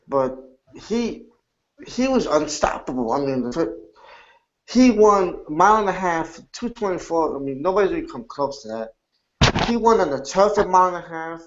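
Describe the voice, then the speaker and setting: Hesitant man talking horse racing. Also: on the high side. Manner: hesitant, full of "I mean" and restarts. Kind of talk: casual roundtable chat. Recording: dull lo-fi recording.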